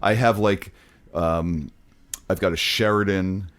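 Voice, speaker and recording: A man's voice: sits low, fairly even intonation, a bit bright. A man hosting a podcast, chatting casually and stumbling over his words. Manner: chatty, halting, lots of fillers. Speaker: podcast host.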